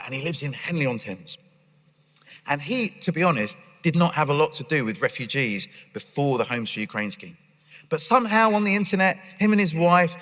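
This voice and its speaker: A man giving a conference keynote on a stage, telling stories with animation and acting out voices. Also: on the high side. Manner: animated storyteller who acts out voices. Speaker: charity leader giving a conference talk. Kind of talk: keynote talk. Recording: echoey hall.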